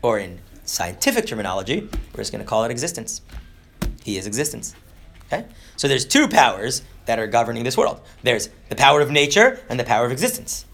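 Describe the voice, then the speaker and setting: A man giving an informal Torah lesson, rambling with fillers and restarts, mixing in Hebrew terms and slipping into quick comic voices for characters. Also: mid-range voice, big pitch swings, gravelly, fairly bright tone, slight background noise. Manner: mixes Hebrew terms into English. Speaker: Torah teacher. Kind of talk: informal lecture.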